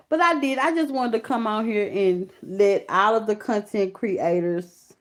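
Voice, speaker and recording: A woman in her thirties talks to her live-stream viewers and reads their comments aloud. Her voice sits at an ordinary middle pitch. She swings from loud, excited bursts to soft, low murmurs as her feelings run high. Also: gravelly.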